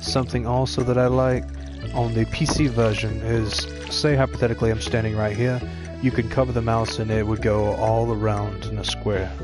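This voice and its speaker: With game music behind him, a let's play streamer chats with viewers and explains tips during casual gameplay commentary. His voice is lowish and level, at a moderate pace with hardly any pauses.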